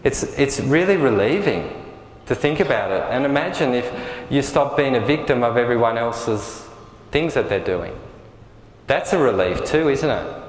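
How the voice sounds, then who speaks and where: A man giving a spiritual workshop talk to a small group, speaking gently and often checking whether his listeners follow. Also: mid-range voice, expressive, normal speed, reverberant, long reverb tail, poor audio. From Australia. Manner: gentle, often asks the audience if it makes sense. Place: room with a live group.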